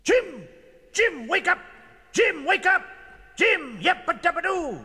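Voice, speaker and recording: A man voicing a small, frantic male mouse who talks in an urgent, squeaky way. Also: big pitch swings, takes it slowly, sharp tone, exaggerated voice.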